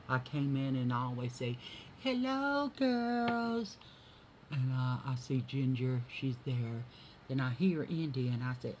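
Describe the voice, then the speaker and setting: A woman's voice: a bass voice, dark tone. A woman doing her makeup on camera and chatting to viewers, telling rambling stories from her day in a homey, friendly way. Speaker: beauty vlogger. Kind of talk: chatty makeup tutorial with storytelling. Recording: noisy home recording.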